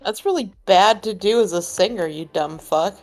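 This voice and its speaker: A woman's voice: mid-range voice, normal speed, a little mellow, soft background music. A woman chatting casually as a player in a tabletop game, playful.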